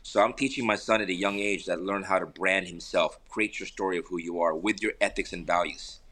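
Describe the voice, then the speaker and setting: A man's voice: sits low, brisk. A middle-aged man, a podcast guest and father, talking casually over a remote call from home, telling stories with many repeats and restarts. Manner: animated storyteller, repeats words and restarts often. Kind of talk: casual conversational interview. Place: home in an air park community.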